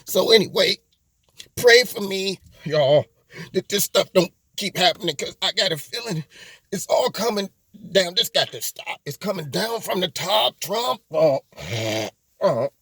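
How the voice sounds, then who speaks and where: A man's voice: sits high, expressive, a little slow, gravelly, fairly bright tone, breathy edge, no room sound, heavily acted. A man acting as a sobbing, overwrought storyteller. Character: melodramatic weepy man telling of a store insult. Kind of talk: satirical comedy sketch.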